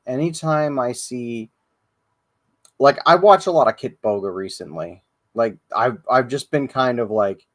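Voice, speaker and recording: A man's voice: mid-range voice, lively intonation, unhurried. A man hosting a casual livestream, rambling and swearing with lots of fillers and restarts. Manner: rambling, profane, many fillers. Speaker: podcast host.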